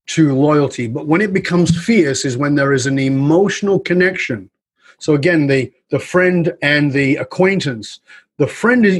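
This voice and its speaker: A man's voice: mid-range voice, slightly rough. A man, an author and leadership speaker, telling stories animatedly in conversation and acting out the voices in his anecdotes. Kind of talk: storytelling in conversation.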